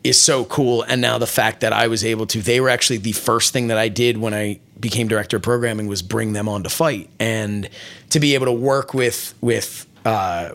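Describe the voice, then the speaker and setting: A man's voice: medium pitch, gravelly. A man in a casual interview, telling long rambling stories with lots of restarts and fillers. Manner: rambling, many restarts and fillers, animated retelling. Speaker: wrestling interviewer and programming director.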